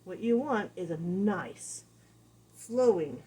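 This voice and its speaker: Animated woman dog trainer. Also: mid-range voice, slow, slightly rough. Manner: animated, repeats phrases, acts out examples. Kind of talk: casual teaching talk.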